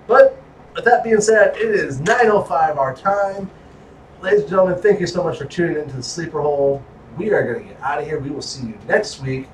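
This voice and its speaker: A man hosting a casual wrestling podcast, joking and animated. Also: brisk, a little hiss or hum. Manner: animated, joking, pitch jumping around. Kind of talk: casual chat. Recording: echoey room, mic at a distance.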